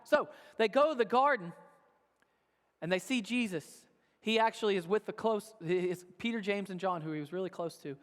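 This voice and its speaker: A man's voice: high voice, normal speed. A male pastor telling a sermon story in a casual, conversational way, often checking in with "right?". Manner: conversational, tags lines with "right?". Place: church auditorium. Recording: long church-hall reverb.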